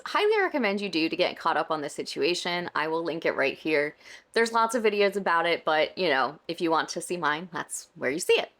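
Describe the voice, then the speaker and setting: A woman's voice: mid-range voice, a bit bright. A woman hosting a casual commentary vlog about book news, chatty and wry, her throat slightly scratchy. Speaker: booktube commentary host.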